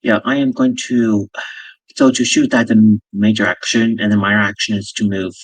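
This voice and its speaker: A man playing in a tabletop game, speaking in a halting way with lots of fillers. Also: lowish voice, fairly even intonation, no echo, recorded from a distance, low-quality recording. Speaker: player.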